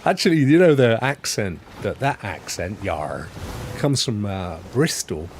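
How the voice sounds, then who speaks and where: An English man hosts a live game stream, rambling along and chuckling as he plays. His speech rises and falls in a lively way, with a faint hiss under it. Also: fairly low pitch, moderate pace. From England. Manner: chatty and rambling, chuckles often. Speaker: gaming streamer host. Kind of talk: live gameplay commentary.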